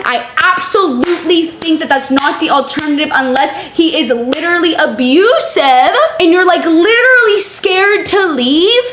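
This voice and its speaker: A high-pitched young woman riffs sarcastically through a reaction video, swearing freely and sounding fed up. Her voice bounces around a roomy, echoey space with a faint hum underneath. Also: a bit bright. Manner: sarcastic, profane, exasperated. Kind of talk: casual reaction commentary.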